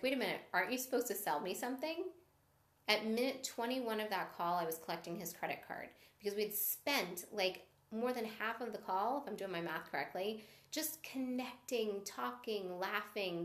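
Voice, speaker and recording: A woman's voice: medium pitch, animated, normal speed, hardly any pauses, fairly bright tone, echoey room. A woman sales coach giving a live-stream training, upbeat and encouraging, stopping to greet viewers as she teaches.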